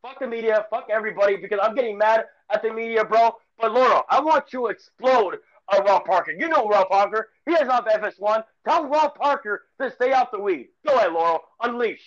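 Excitable high-voiced man ranting about sports. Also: a little fast, hardly any pauses, dull audio. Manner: excitable rambling rant with repeated phrases. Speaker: sports podcast co-host. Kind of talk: casual sports chat.

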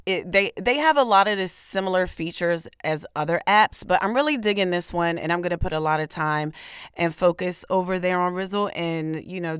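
A woman with a deep voice hosting her own podcast in casual chat, energetic and playful. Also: clear, resonant tone, no echo, clean studio sound. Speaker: podcast host and comedian.

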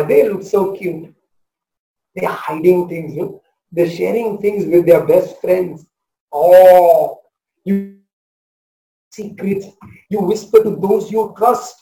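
High-voiced pastor in his forties. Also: reverberant, slight background noise, low-quality recording. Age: 40s. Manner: passionate, swings between loud proclamation and soft hush. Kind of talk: sermon.

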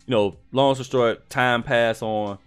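A young man casually telling a personal story, slangy and animated, with lots of fillers. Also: medium pitch, measured pace, clear, resonant tone, soft background music.

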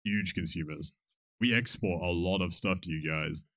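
Deep-voiced male podcast co-host, measured and hesitant, dry close sound. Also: a bit bright, dry recording. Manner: measured, thoughtful, hesitant fillers. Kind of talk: casual podcast chat.

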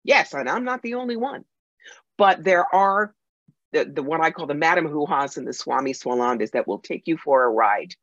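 This deep, expressive female voice moves at an ordinary pace and carries a fairly bright tone, recorded dry but with a dull lo-fi quality. In a podcast interview, the psychic medium guest tells stories with punch and emphasis.

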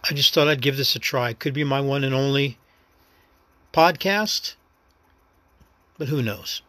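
A man's voice: mid-range voice, unhurried, bright, forceful tone, no echo. A man from New York City with a New York accent, hosting his own podcast in a rambling, reflective, understated personal monologue. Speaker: podcast host.

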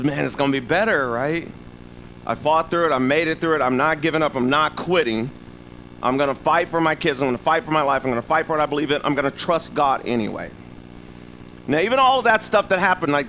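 A man delivers a sermon in a high, bright voice. He talks in an animated, humorous way, throwing asides to the congregation, with faint noise in the background. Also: rough recording. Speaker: preacher.

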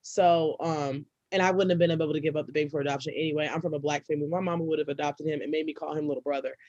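A young woman, a podcast co-host, telling a personal story in casual, profane chat and breaking into loud, laughing outbursts. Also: sits low, steady tone, rapid-fire, dry recording, muffled recording.

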